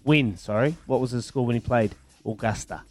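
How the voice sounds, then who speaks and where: A man hosting a breakfast radio quiz, playful and quick to laugh. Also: medium pitch, darkish tone, soft background music. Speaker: radio show host.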